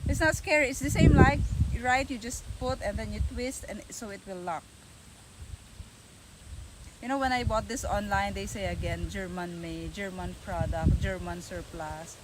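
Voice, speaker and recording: A woman's voice: medium pitch, moderate pace. A woman chatting on a live stream, nervous and giggly, saying again and again that she is scared. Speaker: livestream host. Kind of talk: casual live-stream chat. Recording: loud outdoor background noise.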